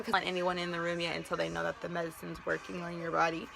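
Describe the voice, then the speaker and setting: A woman's voice: fairly low pitch, monotone, fast talker, gravelly, a bit bright, a little hiss or hum. Chatty young woman vlogger. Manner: chatty, many "like" fillers. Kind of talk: casual storytelling to camera.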